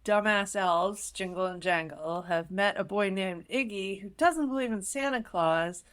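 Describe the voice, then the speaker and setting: Young woman podcast host, snarky movie recap, mid pitch, kinda fed up with the plot. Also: a little slow. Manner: sarcastic, exasperated plot recapping.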